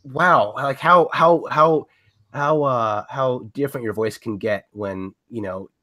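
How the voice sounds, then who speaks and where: A man hosting a podcast interview, his voice raspy from a recent illness, speaking haltingly with many fillers. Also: medium pitch, bright, forceful tone. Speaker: podcast host.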